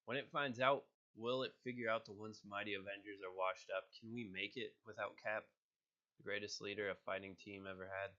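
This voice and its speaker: A man's voice: lowish voice, fairly even intonation, fairly quick, bright, forceful tone, dull audio. A man voicing an earnest, worried archer hero. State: sick, slightly nasal.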